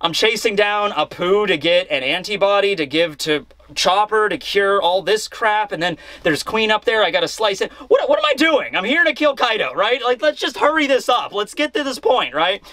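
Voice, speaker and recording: Guy doing a raging hothead swordsman, yelling about wasting his time, high bright tense voice, dry close sound. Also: moderate pace, hardly any pauses, no room sound. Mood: frustrated. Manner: ranting, shouting in frustration. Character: hot-headed male swordsman, furious and impatient.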